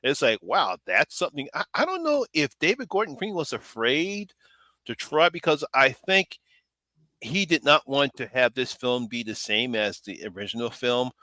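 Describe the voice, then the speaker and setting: A man's voice: mid-range voice, sing-song, moderate pace, pushed and bright, no echo. A man hosting a casual live stream chat about a horror film, rambling and laughing often.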